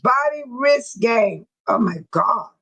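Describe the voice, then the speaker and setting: Woman host, chatty and repetitive, talking to viewers live; voice sits a bit high. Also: expressive, creaky, a bit bright, low-quality recording. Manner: repetitive, chatty, quick to laugh. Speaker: livestream host. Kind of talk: casual live chat with viewers.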